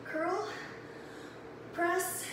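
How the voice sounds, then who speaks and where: A woman from the Midwest coaches a home workout in a high voice, a little breathless as she exercises along. She chats between moves at an easy, slow pace. Her voice rings through a very echoey room, picked up from a distance. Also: steady tone, very noisy. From American Midwest. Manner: chatty, cues moves while exercising. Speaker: fitness instructor.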